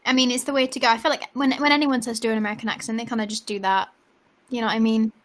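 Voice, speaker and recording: A woman's voice: on the high side, fairly even intonation, rapid-fire. A young woman chatting as a singer guest on a livestream, hesitant and full of filler words. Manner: hesitant, lots of 'like' and 'um'. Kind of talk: casual livestream chat.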